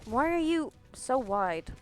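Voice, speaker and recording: A woman's voice: high voice, sing-song, slow, smooth, soft background music. Exasperated swearing woman streaming a game. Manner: exasperated, swearing, self-mocking. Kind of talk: casual gaming stream chat. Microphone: close headset mic near her face. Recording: audible breathing on a close mic.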